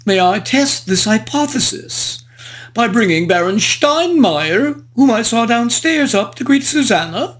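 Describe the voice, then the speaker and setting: A performer doing a frivolous old-world English gentleman. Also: mid-range voice. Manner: flowery old-fashioned genteel diction. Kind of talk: in-character book review narration.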